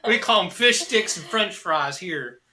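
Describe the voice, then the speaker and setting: Excitable, foul-mouthed young man. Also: sits high, a little slow, a little hiss or hum. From United States. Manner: profane, rambling, excitable. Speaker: podcast co-host. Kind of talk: casual chat.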